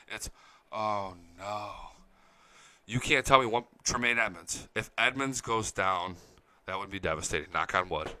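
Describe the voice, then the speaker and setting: A young man hosting a casual live-stream fan chat, excitable and profane, reading viewer comments aloud. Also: on the low side, smooth, no room sound. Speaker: fan show host.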